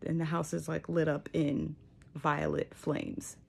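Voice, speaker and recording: A woman's voice: sits low, level tone, a little slow, gravelly, a little mellow, husky. A young woman telling a personal spiritual story in a casual, reflective way, full of likes and you knows. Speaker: vlogger sharing a spiritual journey.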